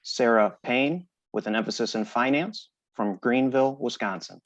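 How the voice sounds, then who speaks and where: A man presenting graduates at a ceremony, reading each name slowly and deliberately. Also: mid-range voice, no echo. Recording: dry, slightly dull sound.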